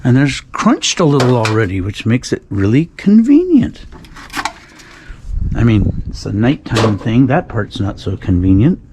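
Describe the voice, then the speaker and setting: A man with an ordinary mid-range voice talks his way through a night outdoors, rambling with dry sarcasm and the occasional sigh. The outdoor recording carries a clear layer of background noise, with cans and trash rustling close by. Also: mid-range voice, sing-song, a little slow. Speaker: dumpster-diving vlogger. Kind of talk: casual night vlog narration.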